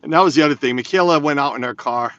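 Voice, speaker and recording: A man with a slightly high, fairly bright voice talks very fast as he drives through snow, chatting casually to his live-stream viewers, rambling and reading their comments aloud. It sounds like slightly dull lo-fi phone audio recorded inside the car.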